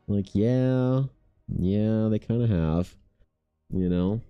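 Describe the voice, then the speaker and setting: A man in his thirties chatting casually while streaming his art, laid-back, swearing freely and mimicking people in a higher voice. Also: takes it slowly, long pauses, mellow, clean tone, no echo, soft background music. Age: 30s. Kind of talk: casual chat with chat.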